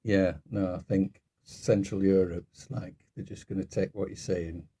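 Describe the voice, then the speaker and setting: A man's voice: low voice, steady tone, measured pace, dark tone, breathy edge. A man, co-hosting a podcast and telling travel anecdotes in casual chat, laughing through his stories. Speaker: podcast co-host.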